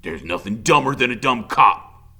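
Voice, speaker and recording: A man voicing a cold, volatile convict father who drawls low and then barks loud threats. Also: animated, normal speed, slightly rough, heavily acted. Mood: menacing.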